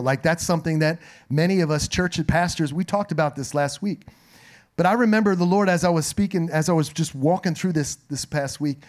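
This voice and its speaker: A middle-aged man with a slightly raspy voice, preaching a conversational sermon full of humorous asides and personal stories. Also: a little high, darkish tone. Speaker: pastor. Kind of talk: sermon with storytelling.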